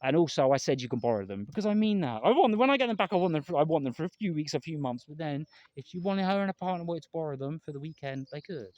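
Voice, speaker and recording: A man's voice: a little high, expressive, fast talker, hardly any pauses, darkish tone, lo-fi sound. A man talking to camera in a casual, rambling vlog, earnest and emotional, often repeating himself and swearing. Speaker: vlogger.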